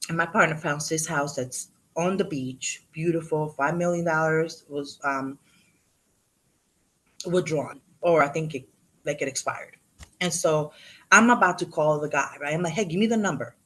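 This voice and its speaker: A woman in her fifties giving a motivational talk to a live audience, telling animated stories, acting out what people said and dropping in Spanish words. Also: sits low, moderate pace, pauses often. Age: 50s. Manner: animated storyteller, acts out quotes, mixes in Spanish. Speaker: real estate agent and motivational speaker.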